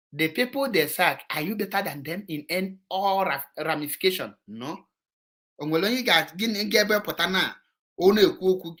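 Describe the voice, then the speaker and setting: Speaking with a Nigerian Igbo accent, a political commentator delivers an impassioned monologue that scolds his listeners. His voice is high, bright, and forceful, and he switches between English and Igbo.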